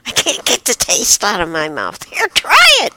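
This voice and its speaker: A woman voicing two bickering cartoon raccoons in a high, squeaky, excited voice. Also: moderate pace, full character voice. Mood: squeaky, insistent.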